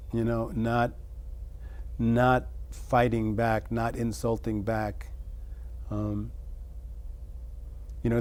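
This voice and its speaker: A middle-aged man, an interview guest, musing over childhood memories in a halting way, with many restarts. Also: mid-range voice, dark tone. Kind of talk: reflective personal storytelling.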